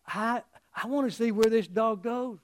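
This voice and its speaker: A man's voice: very high-pitched, moderate pace, voice pushed up. A man voicing a friendly male butcher who eagerly questions a customer, told as a joke within a sermon. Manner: chatty, questioning.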